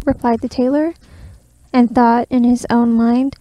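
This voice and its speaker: A woman gently reading a fairy tale aloud in a soft ASMR style, close to the microphone, partly whispered. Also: on the high side, little pitch movement, unhurried, no room sound, rough recording. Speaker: ASMR storyteller.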